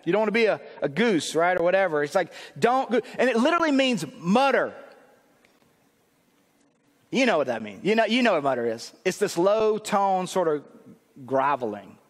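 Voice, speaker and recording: High-pitched male pastor, chatty preaching that builds to shouts; reverberant sanctuary. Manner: conversational preaching, rising to emphatic shouts. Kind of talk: sermon.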